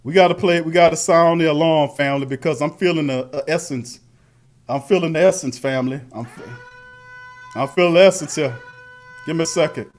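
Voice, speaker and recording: Fired-up host with a high voice, repeating slangy refrains in a live sports rant. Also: male voice, a little fast. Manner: fiery, repetitive, slangy hype with chant-like refrains. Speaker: sports talk show host.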